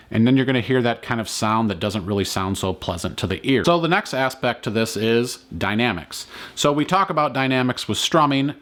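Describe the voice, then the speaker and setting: A man teaching a ukulele lesson, explaining calmly and counting beats aloud. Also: mid-range voice. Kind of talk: instructional lesson.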